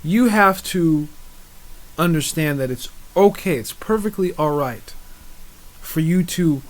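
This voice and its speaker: A man's voice: a little high, expressive, slow pace. A man giving motivational encouragement and leading listeners in repeated spoken affirmations, in an earnest, rhythmic way. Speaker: motivational speaker.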